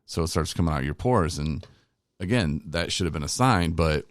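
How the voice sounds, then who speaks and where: A middle-aged man with a very deep voice rambles candidly about his past on his recovery podcast, poking fun at himself and drifting off topic. He's animated at a moderate pace, recorded dry and close with no room sound.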